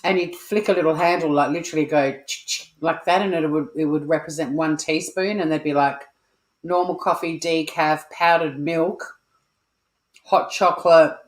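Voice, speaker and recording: A chatty Australian woman with a low voice talks loosely to her viewers in a kitchen livestream, swearing casually and joking along. The sound is roomy, with echo off the kitchen walls through a modest home mic. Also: steady tone, moderate pace. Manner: chatty, swears freely, playful asides to viewers. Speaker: cooking livestream host.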